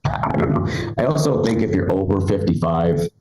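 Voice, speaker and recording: A man's voice: low voice, lively intonation, normal speed, a little mellow, roomy sound, rough recording. A man in his forties doing a live stand-up set, chatty and rambling, full of fillers and restarts. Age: 40s. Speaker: stand-up comedian. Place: comedy club stage.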